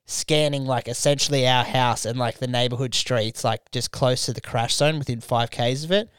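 A man's voice: medium pitch, fairly even intonation, normal speed, a bit bright, clean tone, no room sound. A man hosting a podcast, telling a rambling story in casual chat, swearing a lot and acting out quotes. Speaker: podcast host.

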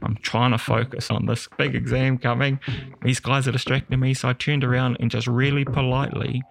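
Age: young adult. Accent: New Zealand. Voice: gravelly, relaxed. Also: male voice, medium pitch, a little fast. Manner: relaxed, candid, laughs easily. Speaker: podcast guest. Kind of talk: personal storytelling.

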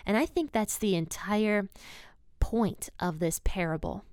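A woman's voice: mid-range voice, unhurried, darkish tone, no echo, studio quality. A woman giving a casual devotional Bible talk, retelling scripture in her own conversational words and speaking candidly about herself. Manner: candid and personal. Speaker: Bible teacher.

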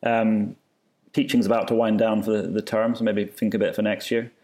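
A man answering as an interview guest, hesitant and relaxed, with many fillers and restarts. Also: lowish voice, moderate pace.

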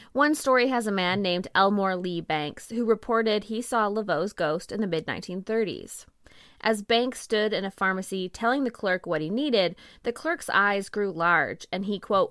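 A woman co-host reading a scripted history segment in a measured storytelling manner. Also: medium pitch, lively intonation, fairly bright tone, no echo, clean studio sound. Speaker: podcast co-host.

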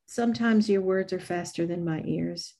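An older woman with a soft Southern American accent, talking in a measured, unhurried way. Her voice sits a little low for a woman, and she lays out each thought carefully, as a guest in a relaxed interview. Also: a crowd in the background. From United States. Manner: measured, slow, thoughtful delivery. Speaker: yoga teacher, interview guest. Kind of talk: reflective conversational interview.

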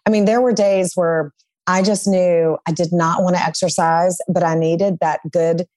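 A woman's voice: lowish voice, fairly even intonation, moderate pace, a little mellow, dry recording. A woman appearing as a divorce attorney guest on a podcast, talking in a reflective, candid way. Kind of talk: conversational interview.

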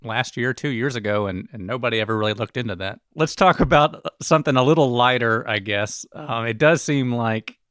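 A man hosting a podcast, measured and steering the discussion in casual chat. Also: mid-range voice, fairly bright tone, no room sound, clean studio sound. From Alabama. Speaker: podcast host.

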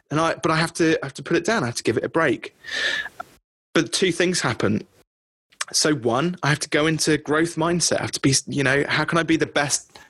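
A man's voice: fairly high pitch, a bit bright, no room sound. A middle-aged man coaching business owners on a group call, in a conversational way that keeps checking in with the listeners. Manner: conversational, often checks in with "okay?".

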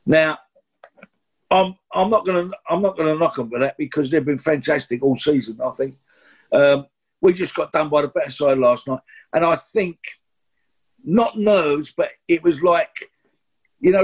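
A man in his sixties with a London accent, telling rambling, chatty stories in an interview, full of restarts and asides. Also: a little high. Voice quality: husky. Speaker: guest actor. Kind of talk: anecdotal interview storytelling.

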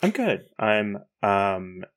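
A man from New Zealand with a New Zealand accent, co-hosting a podcast in blunt, profane casual chat with halting restarts. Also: fairly low pitch, very animated. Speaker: podcast co-host.

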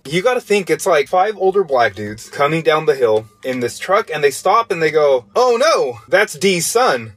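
Husky male podcast host, casual profane storyteller, mid-pitched, faint music underneath. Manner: profane, jokey, exaggerating.

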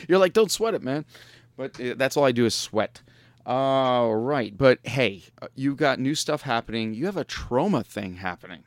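A man's voice: medium pitch, lively intonation, moderate pace, no echo. Man, podcast host, casual chat, jokey, rambling, dry close recording. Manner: joking, laughs often, rambling.

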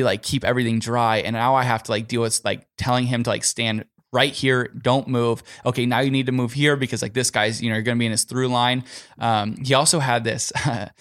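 A man's voice: mid-range voice, a bit bright. A young man, a pro golfer and podcast guest, telling a story in a casual, rambling way, packed with "like" and "you know".

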